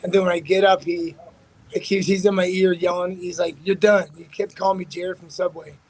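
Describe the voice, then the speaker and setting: A man's voice: high voice, flat delivery, brisk, slightly rough, low-quality recording. A man, a fighter being interviewed, telling a story in a rambling, profane way with many restarts. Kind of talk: casual storytelling.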